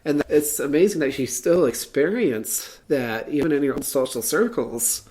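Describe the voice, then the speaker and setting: A woman's voice: sits low, lively intonation, normal speed, dark tone. A woman hosting a casual talk show, speaking earnestly and hesitantly, with frequent fillers and restarts. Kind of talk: casual podcast chat.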